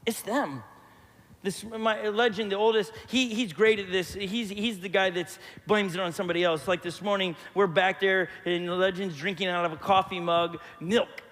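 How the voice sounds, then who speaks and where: High-voiced animated male pastor in a hall. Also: normal speed, few pauses. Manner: animated storyteller, acts out quotes. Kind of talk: sermon. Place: church hall. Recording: long church hall reverb.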